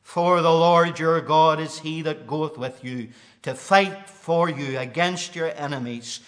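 A man preaching a sermon, reading scripture in a King James cadence and swelling into loud, high declamation. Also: measured pace.

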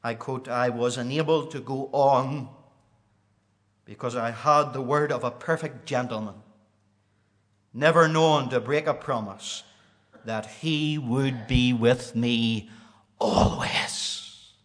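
A man preaching a sermon, reading scripture in a King James cadence and swelling into loud, high declamation. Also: slow.

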